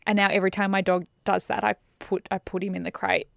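A woman, co-hosting a podcast and telling animated, chatty anecdotes. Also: medium pitch, quick pace, gravelly, no echo. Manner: animated anecdotes, frequent "literally" and "like". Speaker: podcast co-host. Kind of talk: casual chat.

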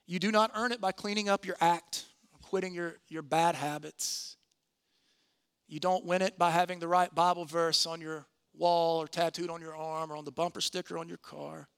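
A man preaching a sermon in church, earnest, slowing and softening on key phrases. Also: fairly high pitch, fairly even intonation, vocal fry, clear, resonant tone.

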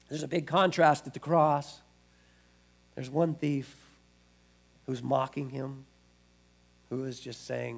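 Gravelly male pastor preaching. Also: medium pitch, flat delivery, slow, long pauses. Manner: conversational preaching with frequent restarts. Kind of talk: sermon.

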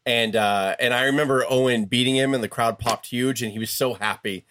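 A man co-hosting a casual chat show, telling stories in an animated, swearing way. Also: mid-range voice, fairly quick, slight background noise. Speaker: podcast co-host.

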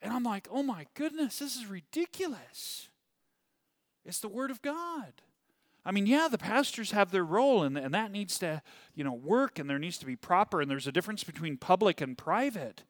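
A man leading a church Bible class in a casual, animated way, rambling and often checking in with "okay?". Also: high-pitched, fairly quick, no echo, studio quality. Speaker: pastor teaching a Bible class.

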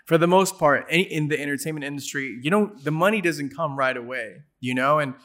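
A man hosting a relaxed interview, talking in an easygoing way that repeats words as he rambles. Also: a little high, a little fast. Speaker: interviewer host. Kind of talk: casual interview chat.

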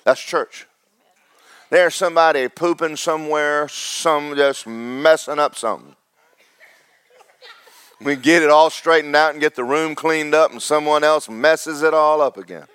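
A man, pastor of a church, preaching a sermon with big swings between loud, fervent highs and low, joking asides to the congregation. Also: a little slow, clean tone, no echo. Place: church sanctuary.

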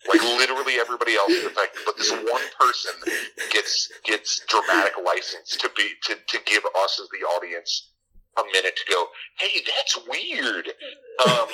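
A man's voice: on the low side, fairly even intonation, brisk, sharp tone, breathy edge, rough recording. A man on a casual podcast, rambling and swearing as he recaps a movie. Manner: profane, rambling recaps with mock voices. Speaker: podcast co-host.

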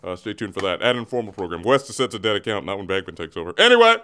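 A man's voice: deep voice, fast talker, fairly bright tone. A man hosting a comedic sports segment from a studio, theatrical and self-interrupting, often breaking into giggles. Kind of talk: comedic in-character sports rant. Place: radio studio. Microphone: studio mic.

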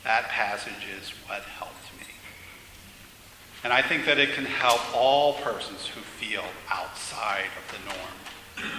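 Earnest man preaching in echoey church. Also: mid-range voice. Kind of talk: sermon. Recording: echoey church hall with faint noise.

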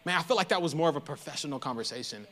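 A man preaching a sermon in a loose, conversational and animated storytelling way. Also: fairly high pitch, very fast. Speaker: pastor.

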